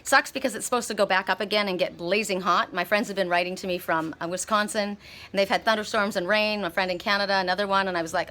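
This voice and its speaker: A middle-aged woman giving a casual spiritual card reading outdoors, telling animated stories with frequent restarts. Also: mid-range voice, fast. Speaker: oracle card reader. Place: outdoors by water, California.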